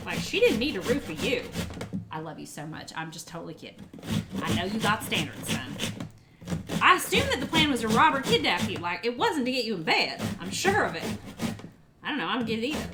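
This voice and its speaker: A woman's voice: a little high, sing-song, brisk. A woman, chatting casually and giggling with her viewers as she cooks in her home kitchen. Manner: chatty, giggly, rambling, talks to viewers while cooking. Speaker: cooking livestreamer. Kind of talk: casual cooking livestream chat. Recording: loud background noise.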